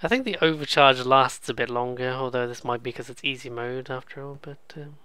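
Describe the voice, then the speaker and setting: A man's voice: mid-range voice, brisk, sharp tone, smooth, no room sound. A man hosting a let's play, giving casual, sarcastic, rambling gameplay commentary. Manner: sarcastic, swears freely, rambling.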